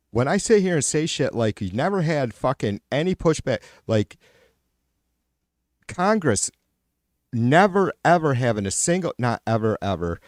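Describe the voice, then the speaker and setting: A man's voice: mid-range voice, a little mellow, dry recording, studio quality. A man hosting a live stream, ranting casually and profanely with sarcastic exasperation, often trailing off and restarting.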